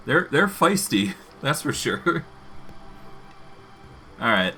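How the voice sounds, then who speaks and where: A man's voice: mid-range voice, very animated, very slow, long pauses, sharp tone, a little hiss or hum. A man streaming a narrative game, chatting casually and laughing often as he reads and comments.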